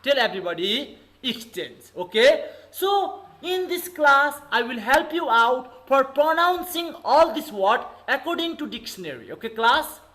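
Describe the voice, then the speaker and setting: A man's voice: extremely high pitch, sing-song, measured pace, hardly any pauses, bright, forceful tone, poor audio. A male English teacher with a Nepali accent, giving an online lesson and calling on the class over and over. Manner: repetitive, keeps calling on the class with okay and everybody.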